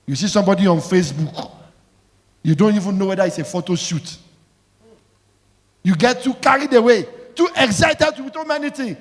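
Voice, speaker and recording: High-voiced pastor preaching. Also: male voice, animated, moderate pace, long pauses. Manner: call-and-response preaching, emphatic, scolding. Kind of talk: sermon. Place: church. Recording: echoey church hall.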